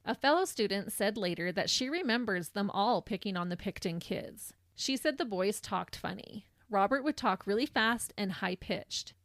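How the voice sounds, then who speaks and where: A woman co-hosting a true crime podcast, reading the case in measured narration with a laugh now and then. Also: mid-range voice, expressive, a bit bright, no echo, studio quality. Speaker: podcast co-host.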